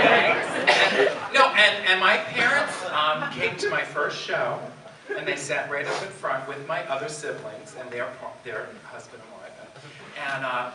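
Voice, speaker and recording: Self-mocking man with a Bronx accent. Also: fairly high pitch. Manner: animated, self-mocking, laughing often. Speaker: drag performer, panel guest. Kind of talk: comic storytelling on a convention panel. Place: large convention hall. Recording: echoey hall from far off, background noise.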